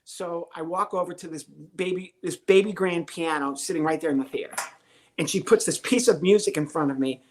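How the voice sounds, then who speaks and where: Older guy comedian telling a story on a podcast, acts out all the voices, super animated. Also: on the high side, a little fast. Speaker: podcast guest, comedian and ventriloquist. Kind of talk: storytelling interview.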